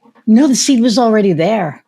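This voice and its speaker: A woman hosting a podcast, telling stories in an animated, chatty way, with many fillers and restarts. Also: on the high side, fairly quick, creaky, a crowd in the background. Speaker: podcast host. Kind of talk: casual conversational storytelling.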